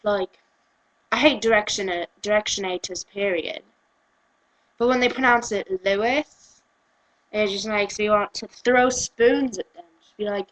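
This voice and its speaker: A young woman from the UK, ranting on camera in an exasperated, animated way. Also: medium pitch, unhurried, long pauses, low-quality recording. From United Kingdom. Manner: exasperated, animated, switches into mocking quoted voices. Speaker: vlogger. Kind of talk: casual ranting vlog.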